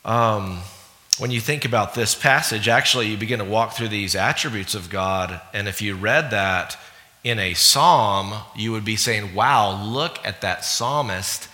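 A man preaching a sermon in an animated way, acting out little voices and laughing often as he talks to the congregation. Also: lowish voice, normal speed. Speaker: pastor. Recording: long hall reverb.

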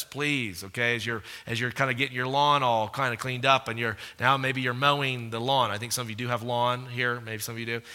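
A male pastor preaching a sermon in an animated, conversational way, often asking the audience questions. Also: medium pitch. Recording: echoey hall reverb.

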